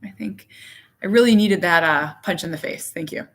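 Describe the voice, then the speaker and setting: A woman's voice: on the low side, moderate pace. Chatty woman rambling to viewers. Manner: rambling, heavy use of "like"; candid, animated. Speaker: vlogger, parent. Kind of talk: casual chat to viewers. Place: home living room.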